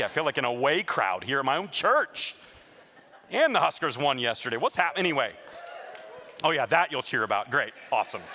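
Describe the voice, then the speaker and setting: A man preaching a sermon as a pastor to his live congregation in a church, telling stories in a lively way and teasing the listeners with jokes. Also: mid-range voice. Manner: lively, joking storyteller who teases the congregation.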